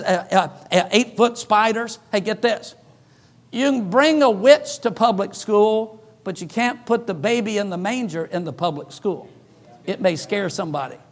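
A pastor with a high voice preaches to his congregation. He tells his stories in an animated way and acts out the voices of the people in them. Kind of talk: sermon storytelling.

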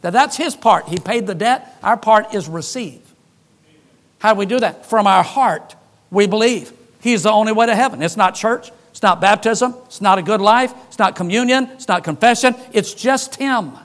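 A man preaching a sermon, an animated storyteller who jokes and acts out the dialogue in his stories. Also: high-pitched, normal speed.

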